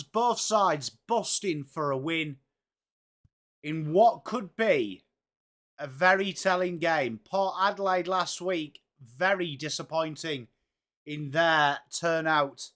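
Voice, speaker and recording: An Englishman hosts a live football watchalong stream, chatting casually and greeting viewers by name with upbeat energy. His voice sits on the high side, with a slow pace and a slightly bright quality.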